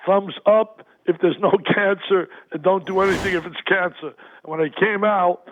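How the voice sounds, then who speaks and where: A man's voice: high-pitched, moderate pace, slight background noise. An older man, a basketball analyst phoning in as a guest, talking emphatically and repeating himself with energy. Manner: emphatic, repetitive, energetic storyteller. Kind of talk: phone-in radio interview. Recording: tinny phone line.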